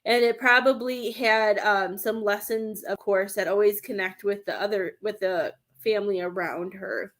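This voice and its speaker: A woman's voice: medium pitch, fairly even intonation, moderate pace, hardly any pauses, a bit bright. A woman doing a live-stream reading as a medium, talking in a rambling, hesitant way and searching for words. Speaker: psychic medium.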